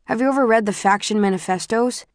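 A woman reading the lines of a thoughtful young man in an audiobook, low-key, wry and subdued. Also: fast talker, no room sound, clean studio sound, lightly acted.

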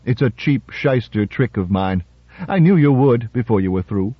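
A man reading aloud and voicing a smooth, self-assured male lawyer-politician with a wry, gently teasing manner. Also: mid-range voice, lively intonation, normal speed, no echo. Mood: confident. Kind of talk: radio story reading. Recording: dull, dry radio recording.

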